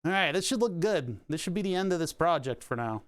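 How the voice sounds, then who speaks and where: Male streamer, casual live chat while crafting, slightly high voice, smooth clear tone, rambling with restarts. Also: lively intonation, brisk. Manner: rambling, self-interrupting, laughs at puns. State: hiccuping, heartburn.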